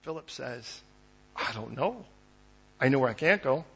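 A man preaching a sermon as pastor, animated and conversational, acting out the people in his story. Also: mid-range voice, unhurried, vocal fry, breathy edge, lo-fi sound.

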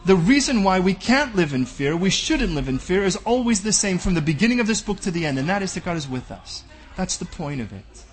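A man's voice: high-pitched, big pitch swings, a little fast. A man preaching a sermon as pastor, bold and direct, often acting out back-and-forth dialogues.

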